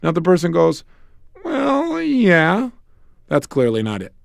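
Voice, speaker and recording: A man's voice: a little high, animated, fast, vocal fry, a little mellow, no echo, studio quality. A middle-aged man giving a motivational self-help lecture, emphatic, asking rhetorical questions and acting out bits of dialogue.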